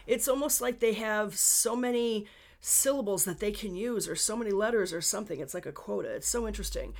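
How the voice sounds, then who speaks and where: A woman's voice: mid-range voice, a little fast, vocal fry. A woman with a Western New York accent hosting a solo podcast, chatty and personal, with asides to her listeners. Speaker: podcast host.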